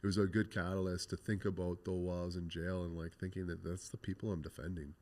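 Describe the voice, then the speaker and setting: Deep-voiced blunt man telling his story. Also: fast. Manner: blunt, profane, animated retelling with quoted dialogue. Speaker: guest, graffiti artist. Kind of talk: candid interview storytelling.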